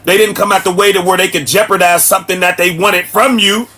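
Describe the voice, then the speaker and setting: A man's voice: sits high, steady tone, a little fast, bright, forceful tone, slightly rough. A man, hosting a livestream and preaching bluntly at his chat. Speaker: livestream host. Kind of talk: ranting livestream commentary. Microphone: streaming setup mic.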